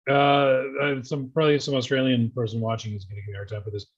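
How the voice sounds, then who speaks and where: A man's voice: medium pitch, flat delivery, fast, husky, dull audio. A man co-hosting a casual business chat, joking around and playing with slang. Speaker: podcast co-host.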